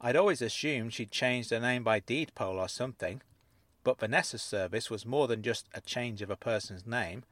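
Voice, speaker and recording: A man narrating a first-person story with an expressive reading. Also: medium pitch, normal speed, no echo. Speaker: audiobook narrator.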